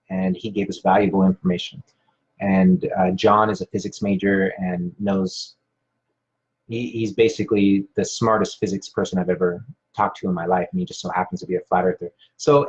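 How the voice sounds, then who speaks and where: A man hosting a live stream, casually rambling with many fillers and restarts while reading viewer comments. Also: fairly low pitch. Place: Hawaii. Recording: dull lo-fi sound.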